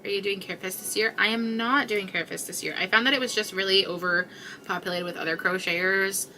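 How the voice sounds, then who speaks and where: A woman's voice: mid-range voice, fairly even intonation, a little fast, sharp tone, slight background noise. A woman hosting a crochet livestream, chatting casually with viewers in a rambling way with many fillers, tired and yawning. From Canada.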